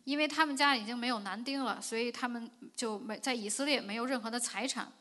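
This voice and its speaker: Female interpreter with a bright, forceful voice, rendering the sermon at a fast clip. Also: fairly high pitch. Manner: quick, with fillers.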